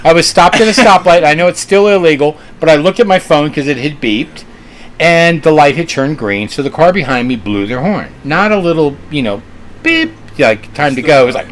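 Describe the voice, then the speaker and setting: A man's voice: a little high, very animated, normal speed, slight background noise. Earnest storytelling man. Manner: earnest storyteller, many fillers and restarts. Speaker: restaurant co-owner. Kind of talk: casual interview chat.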